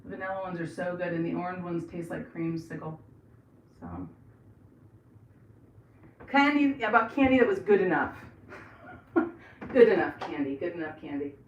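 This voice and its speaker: This is a chatty, rambling American woman in middle age, hosting a casual livestream and reading out her viewers' messages. Her voice sits a little low. She is recorded from across an echoey home bathroom, with a faint hiss behind her. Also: moderate pace, pauses often, lo-fi sound. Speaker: livestream host. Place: home bathroom, painting trim. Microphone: camera set across the room. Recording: echoey room, voice far from mic, faint noise.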